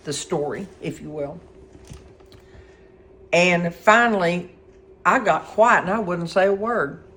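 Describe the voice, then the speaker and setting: Middle-aged woman storyteller, folksy and lively, fairly low voice. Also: takes it slowly. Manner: folksy, animated, acts out quotes. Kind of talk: casual spoken storytelling.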